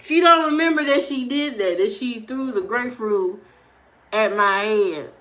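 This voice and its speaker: Woman streamer, casual storyteller with a bright, ringing voice and a slightly high pitch, does the voices of the people she quotes. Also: unhurried. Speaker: live streamer.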